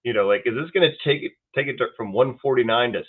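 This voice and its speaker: Animated male co-host on a tinny line. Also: medium pitch, quick pace, slightly rough. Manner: animated storyteller, acts out quoted dialogue. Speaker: podcast co-host. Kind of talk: casual podcast chat.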